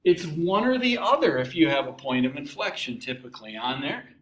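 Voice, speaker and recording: A man teaching a math lesson, animated, asking questions and answering them himself, with playful asides. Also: fairly high pitch, fairly quick. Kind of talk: recorded classroom lecture. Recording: echoey room with faint ambient noise.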